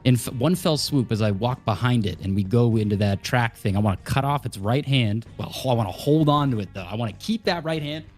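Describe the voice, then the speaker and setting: Male player, mid pitch, pushy and argumentative in character, music underneath. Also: fairly quick, hardly any pauses, a little mellow. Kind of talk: in-character tabletop role-play.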